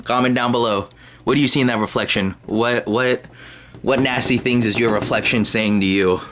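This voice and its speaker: A young man ranting casually as a vlogger, rambling and excitable with lots of slang. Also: mid-range voice, normal speed, noisy background. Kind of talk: casual motivational rant.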